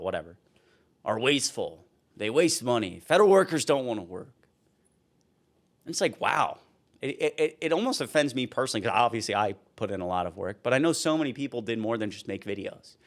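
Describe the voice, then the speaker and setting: A man's voice: fairly low pitch, lively intonation, fast talker. A young man giving heated, casual political commentary, worked up and ranting.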